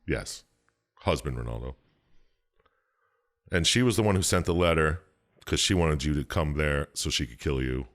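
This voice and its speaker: A man co-hosting a podcast, rambling through a game's plot with swearing and jumping into high put-on voices for the characters. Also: animated, normal speed, pauses often, fairly bright tone. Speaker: podcast co-host. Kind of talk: casual chat, recapping a game plot.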